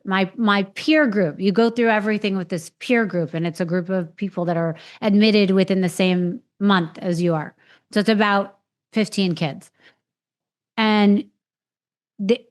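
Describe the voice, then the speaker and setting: A woman podcast host frankly recounting her own experiences, swearing freely and acting out what others said to her. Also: mid-range voice. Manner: frank, swears freely, retells with quoted voices. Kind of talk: candid personal storytelling.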